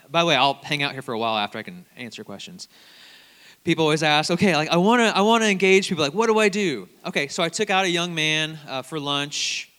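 A man preaching a sermon, telling stories animatedly and swinging between loud bursts and hushed asides. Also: medium pitch, smooth, long reverb tail.

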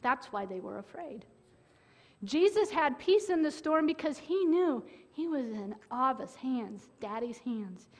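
A woman preaching a sermon in an earnest way, with dramatic pauses and sudden loud bursts. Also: high-pitched, sing-song.

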